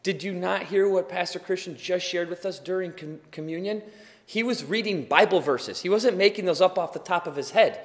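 A tired man preaching as a pastor, earnest and swinging from quiet to loud emphasis. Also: high-pitched, moderate pace, in a large hall. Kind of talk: sermon.

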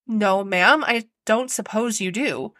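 A woman's voice: mid-range voice, slow, sharp tone, no echo, clean studio sound. A woman voicing an anxious young parlor maid in a storybook reading, respectful and apologetic. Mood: deferential.

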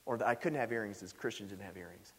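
A man's voice: lowish voice, fast, breathy edge. A man voicing a pastor's wife, an earnest middle-aged woman, in a plain matter-of-fact way. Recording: echoey hall.

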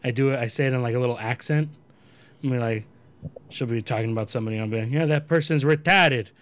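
A man's voice: mid-range voice, steady tone, racing, darkish tone. Joking man in podcast chat.

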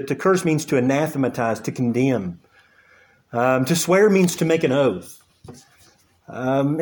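A man preaching a sermon, earnest and halting, with frequent fillers and repeated words as he works through the scripture. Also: medium pitch, a little mellow. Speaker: pastor.

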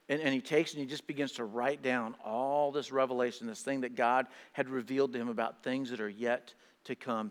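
A male pastor preaching a sermon in a lively way. He repeats words and acts out the voices of the people he quotes. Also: medium pitch, long reverb tail.

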